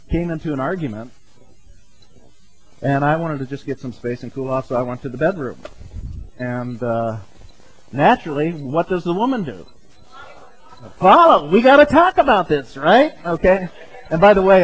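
An older man preaching from the pulpit, his voice sitting somewhat high for a man. He talks to the congregation like a friend, sprinkling in little chuckles and asking "okay?" after his points. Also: a little mellow, a little hiss or hum, poor audio. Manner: conversational, tags points with "okay?" and "right?"; chuckles often mid-sentence. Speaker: pastor. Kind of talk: sermon.

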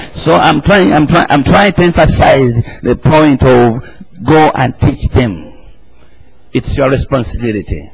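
A man's voice: medium pitch, a little mellow, slightly rough, rough recording. A man, preaching an emphatic sermon and calling the congregation to answer back. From Uganda. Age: 40s.

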